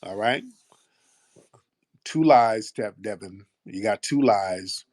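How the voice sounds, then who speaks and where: A male host on a comedic call-in show with a somewhat low voice, needling his callers and repeating the same demands in a mocking, confrontational way. The sound is dry and close, with no room echo. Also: slow pace, a little mellow. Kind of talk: comedic call-in radio talk.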